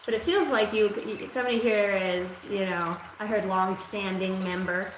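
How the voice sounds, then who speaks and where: Woman, live psychic reader, rambling, profane, streetwise, echoey room, clear background noise. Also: medium pitch, steady tone, normal speed. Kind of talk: live-streamed intuitive reading.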